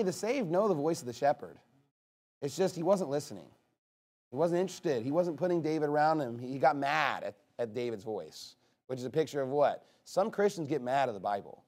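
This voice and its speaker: Animated high-voiced male preacher. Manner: emphatic, rising to loud preaching. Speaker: pastor. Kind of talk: sermon.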